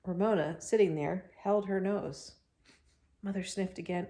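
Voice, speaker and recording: Woman, children's read-aloud, expressive, chatty asides, slightly low voice. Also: measured pace. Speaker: children's book reader. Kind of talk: reading a chapter book aloud to children.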